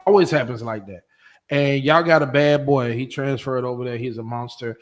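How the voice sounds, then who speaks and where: A man co-hosting a casual podcast chat, animated and laughing often. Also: medium pitch, normal speed. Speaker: podcast co-host.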